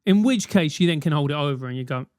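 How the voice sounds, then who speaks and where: A man's voice: fairly high pitch, lively intonation, quick pace, darkish tone, smooth, no echo, studio quality. A man hosting a solo comedic advice podcast, rambling and swearing through comic rants. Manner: rambling, profane, comic ranting. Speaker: podcast host.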